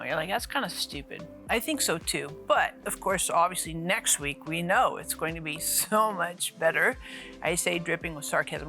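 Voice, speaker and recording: A woman's voice: on the high side, sharp tone. A woman teaching the Bible in a casual, chatty way, joking with a teasing sarcastic streak and often restarting her sentences as she explains. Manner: conversational, with frequent restarts while explaining.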